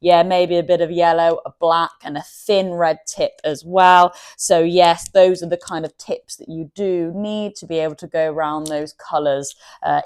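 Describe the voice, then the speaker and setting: A woman's voice: lowish voice, a little mellow. A woman hosting an art channel, giving a chatty drawing tutorial and laughing at herself now and then.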